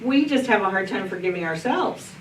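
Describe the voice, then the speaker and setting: A middle-aged woman pastor leads a group Bible study in a church meeting room, telling folksy anecdotes with frequent restarts. Her medium-pitched voice has lively intonation and runs a little fast. The roomy recording uses a distant mic, with crowd noise and faint noise.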